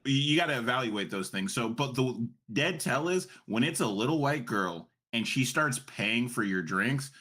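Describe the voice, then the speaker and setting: A man's voice: medium pitch, expressive, normal speed, hardly any pauses, sharp tone, husky. A man in his thirties hosting a casual panel chat, telling profane anecdotes with animation and laughing through them. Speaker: stream panel host.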